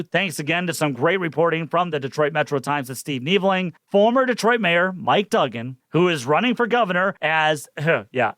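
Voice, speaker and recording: A man's voice: on the high side, a bit bright, no room sound. A man hosting a political podcast, delivering an indignant commentary monologue full of sarcasm and emphatic repetition. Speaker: podcast host.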